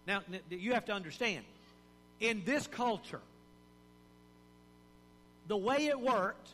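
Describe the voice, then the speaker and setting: High-voiced folksy man preaching. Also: takes it slowly, long reverb tail, a little hiss or hum, low-quality recording. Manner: folksy, animated preaching with acted-out quotes. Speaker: pastor. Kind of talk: sermon.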